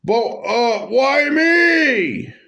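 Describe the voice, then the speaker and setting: Man voicing Roger the Dinosaur, whiny and high. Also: sing-song, drawn-out words, creaky, bright, forceful tone, heavily acted. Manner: stammering, hesitant complaints. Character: whiny reluctant male cartoon dinosaur.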